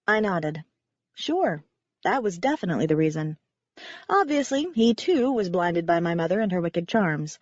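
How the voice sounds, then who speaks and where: A woman's voice: fairly low pitch, big pitch swings, normal speed, no echo. A woman narrating a first-person audiobook in a wry, conversational way. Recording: dry, slightly dull recording.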